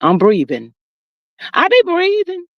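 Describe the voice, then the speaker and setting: A middle-aged woman hosting a livestream, chatting casually with viewers and reading their comments in an animated, talkative way. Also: extremely high pitch, slow, no echo, lo-fi sound. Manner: chatty and animated, calls viewers "child" and "y'all". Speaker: livestream host. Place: sitting outdoors.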